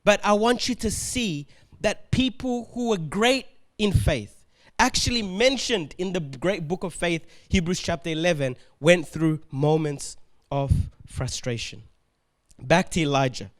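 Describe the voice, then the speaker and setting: A man preaching a sermon as pastor, animated and laughing often as he acts out the complaints of the figures he talks about. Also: sits high, a little slow.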